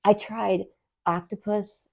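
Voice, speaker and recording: A woman's voice: mid-range voice, level tone, takes it slowly, gravelly, a little mellow. A woman co-hosting a podcast in casual chat, chiming in with short remarks and laughing easily. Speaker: podcast co-host.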